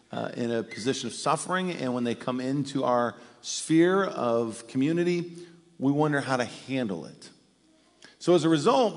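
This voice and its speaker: A middle-aged pastor preaching a sermon in a conversational, animated way. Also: male voice, mid-range voice. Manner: conversational, animated when acting out quotes. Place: church sanctuary. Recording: long hall reverb.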